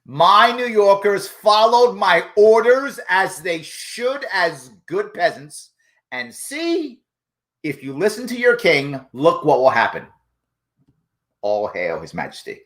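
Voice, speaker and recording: A man's voice: high voice, sing-song, slow pace, fairly bright tone, heavily acted. A man sarcastically voicing a smug, self-adoring male governor who panders to voters and talks of his orders being obeyed. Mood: pompous. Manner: mocking, sarcastic.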